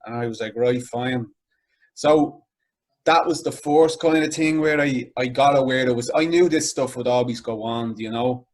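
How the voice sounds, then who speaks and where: Young dublin inner-city guy chatting in an interview, mid-pitched voice, lots of "like" and "you know". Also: moderate pace. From Ireland. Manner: conversational, with many fillers like "like" and "you know". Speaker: interview guest. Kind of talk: casual interview talk.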